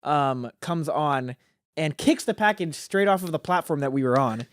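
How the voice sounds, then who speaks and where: A man's voice: fairly high pitch, lively intonation, normal speed, no room sound. A teenage man, a podcast guest, telling a rambling story in casual chat with plenty of filler words. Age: teens.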